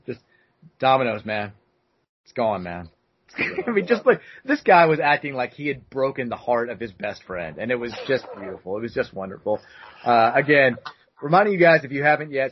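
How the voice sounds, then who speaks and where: A man's voice: medium pitch, husky, no room sound, dull audio. A man in his thirties hosting a podcast, telling rambling stories in a loose, casual way. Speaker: podcast host. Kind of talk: casual chat.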